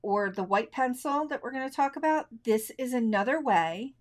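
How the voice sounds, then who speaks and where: A woman's voice: on the high side, moderate pace. Chatty woman teaching a live art class. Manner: relaxed, chatty, thinks aloud; left-handed. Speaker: art instructor. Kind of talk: live colored pencil tutorial.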